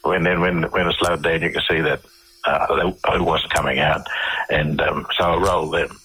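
Guest: Australian man, low and bright-edged, husky, rambling restarts. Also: steady tone, normal speed, poor audio. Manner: rambling, repeats and restarts words. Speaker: interview guest. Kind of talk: conversational storytelling.

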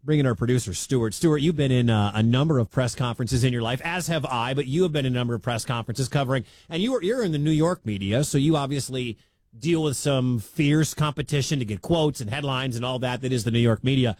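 A man's voice: medium pitch, fast, dry recording. A man from the American Midwest hosting a sports talk radio show, rambling and laughing as he comments. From Midwestern United States. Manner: animated, rambling, laughs at the story.

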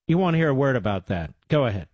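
A man's voice: mid-range voice, big pitch swings, fast, a little mellow, slightly rough. A man hosting talk radio, combative and sarcastic, cutting into clips with insults. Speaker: radio talk show host.

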